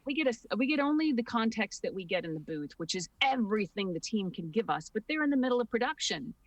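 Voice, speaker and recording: A woman voice actor talking candidly on a panel, animated and laughing often. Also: a little high, fast. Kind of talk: casual panel talk. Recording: dry sound from a distant mic.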